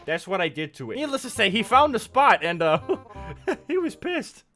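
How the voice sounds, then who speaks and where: A young man with a high, bright voice that swings all over as he rattles off jokey stories over gameplay. He keeps laughing at his own punchlines, and light music plays behind him. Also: big pitch swings, normal speed. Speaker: gaming YouTuber. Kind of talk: comedic storytelling over gameplay.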